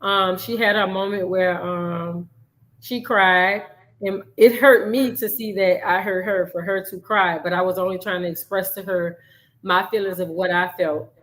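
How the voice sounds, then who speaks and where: A middle-aged woman, a mother, talking on a show with emotion and hesitation, pausing often. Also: mid-range voice, fairly even intonation, fairly bright tone, low-quality recording. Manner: emotional, hesitant, many "um" pauses. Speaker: guest, mother. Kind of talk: casual talk show conversation.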